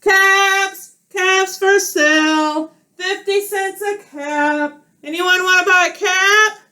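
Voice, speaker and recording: A woman's voice: very high voice, normal speed, a bit bright, pitched above the performer's own voice. A woman voicing a hungry hat peddler who calls out her wares in a sing-song way at home. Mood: sing-song calling. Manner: sing-song street calling. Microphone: camera.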